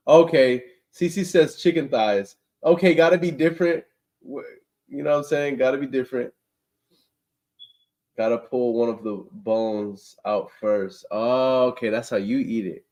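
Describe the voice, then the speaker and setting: Slow-talking young man reading his chat. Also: mid-range voice, a little mellow. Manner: slangy, laughs often, reacts to chat comments. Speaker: livestream host reading chat. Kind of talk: casual livestream chat.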